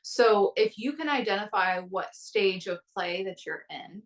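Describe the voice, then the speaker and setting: A woman's voice: medium pitch, animated, a little slow, distant mic, low-quality recording. A woman in her thirties in a casual podcast conversation, telling stories animatedly and acting out her own inner voices. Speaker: guest coach.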